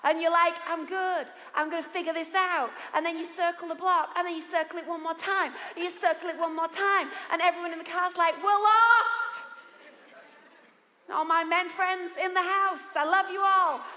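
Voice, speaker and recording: A woman pastor preaching a sermon, lively and humorous, acting out the voices she quotes. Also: extremely high pitch, brisk, few pauses. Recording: echoey hall with long reverb.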